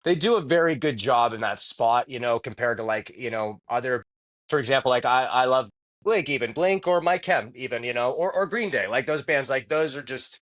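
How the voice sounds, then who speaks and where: A man talking loosely on a podcast, piling up fillers and restarting his sentences. His pitch sits in the middle for a man. He swears casually as he goes. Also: expressive, a little fast, fairly bright tone. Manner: rambling, lots of filler and restarts. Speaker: podcast co-host. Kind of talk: casual chat.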